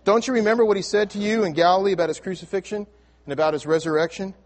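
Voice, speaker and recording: A man preaching a sermon to his congregation, telling a story with frequent restarts and repeated words, swinging between loud emphasis and hushed, near-whispered lines. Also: high voice, fairly even intonation, rapid-fire. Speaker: pastor. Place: church sanctuary with congregation.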